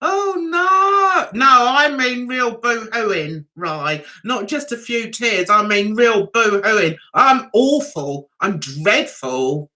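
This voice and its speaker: A woman's voice: medium pitch, lively intonation, slow pace, hardly any pauses, pushed and bright. A middle-aged woman hosting a casual livestream, reading out comments, chatting to viewers and laughing often. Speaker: livestream host.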